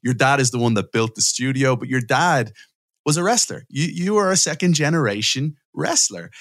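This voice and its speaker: A man's voice: mid-range voice, expressive, normal speed, a bit bright. A man co-hosting an interview, talking with eager emphasis. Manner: enthusiastic, emphatic. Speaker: interview co-host. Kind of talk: casual interview chat.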